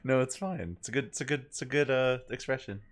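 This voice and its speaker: A man's voice: mid-range voice, fast. A man bantering wryly with a co-host while they play a visual novel together. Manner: wry, joking banter. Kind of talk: casual gameplay chat.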